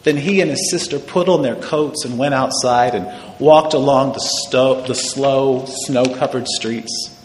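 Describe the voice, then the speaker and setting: A man's voice: mid-range voice, unhurried. Man reading a story in an echoey hall. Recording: echoey hall with long reverb and faint noise.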